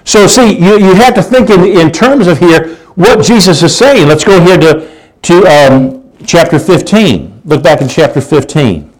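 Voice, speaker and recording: A man's voice: sits high, moderate pace, low-quality recording. A man preaching a sermon in a conversational way, often repeating words and asking rhetorical questions.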